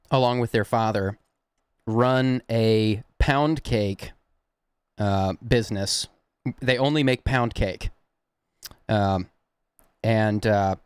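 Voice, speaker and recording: A man's voice: mid-range voice, smooth, no echo. A young man from the Southern United States with a Southern accent, hosting a prank-call livestream and chatting casually with his viewers in a rambling, chuckling way. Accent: Southern American. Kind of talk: casual live-stream chat.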